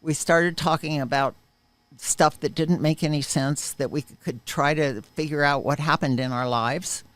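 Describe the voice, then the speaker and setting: With a deep, steady voice and a measured pace, a woman speaks without echo. Interviewed, she sincerely recounts an emotional personal experience, hitting certain moments vividly and with emphasis.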